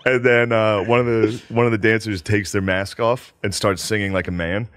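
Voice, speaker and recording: A man's voice: fairly low pitch, normal speed. A man in his thirties telling funny stories in a casual podcast chat, breaking into laughing impressions. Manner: animated storytelling, bursts into loud laughing impressions. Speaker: comedian guest.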